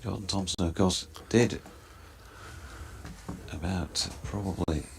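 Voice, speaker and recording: A man giving measured ball-by-ball cricket commentary, describing each delivery in detail. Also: sits low, fairly even intonation, vocal fry, darkish tone.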